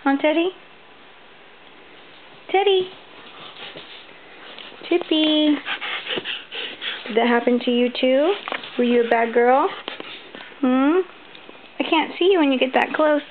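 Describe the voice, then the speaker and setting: Woman baby-talking her dogs, high-pitched. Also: slow, long pauses, slight background noise. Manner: sing-song baby-talk, playful. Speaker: dog owner filming her pets. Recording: tinny, lo-fi home video audio.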